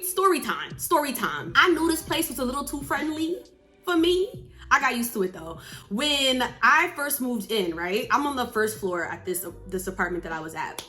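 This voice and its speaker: A young woman from New Jersey, vlogging in a casual, chatty storytelling style and acting out the quotes. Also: fairly high pitch. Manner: chatty, animated, acts out quotes.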